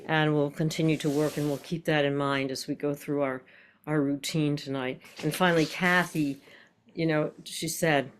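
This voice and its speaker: A woman's voice: low-pitched, steady tone, normal speed, a little hiss or hum. An older woman teaching an online voice class, explaining breath and posture and demonstrating with tongue-twisters and nonsense syllables.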